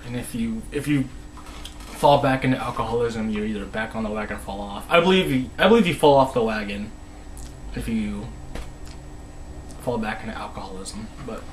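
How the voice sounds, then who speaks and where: A man's voice: medium pitch, noisy background. A man casually recapping a TV episode, rambling with many restarts and voice dropping to a mumble. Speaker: episode reviewer.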